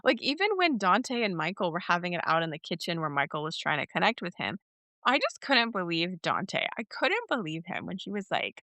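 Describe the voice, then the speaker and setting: A woman co-hosts a podcast in casual chat. Her voice is bright and forceful, and she acts out what others said in put-on voices. The sound is dry and close to the microphone. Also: on the low side, big pitch swings, a little fast, dry recording. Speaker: podcast co-host. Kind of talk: casual chat recapping a soap opera.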